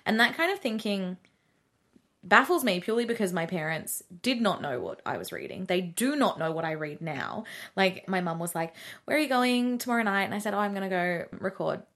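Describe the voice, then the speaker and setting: A woman co-hosting a podcast in casual chat, animated and swearing, acting out quotes in a high voice. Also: a little fast. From Middle Eastern background. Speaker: podcast co-host.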